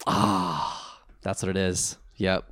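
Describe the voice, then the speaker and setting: A man's voice: low-pitched, slow, dry recording. A man co-hosting a podcast, recapping an episode in casual chat, swearing and acting out quotes. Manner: animated, swearing, acts out quotes. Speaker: podcast co-host.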